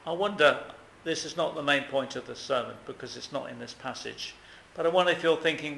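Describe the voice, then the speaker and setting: A man's voice: fairly high pitch, a little fast, vocal fry, bright, forceful tone, roomy sound, slight background noise, poor audio. A man preaching a sermon, earnest and emphatic, often asking questions of his listeners.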